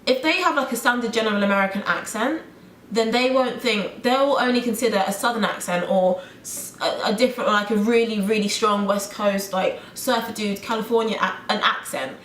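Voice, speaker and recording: A young British woman from the UK vlogging, talking fast with an animated, exasperated tone. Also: medium pitch, a little hiss or hum. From United Kingdom. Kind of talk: ranting vlog. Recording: roomy room echo.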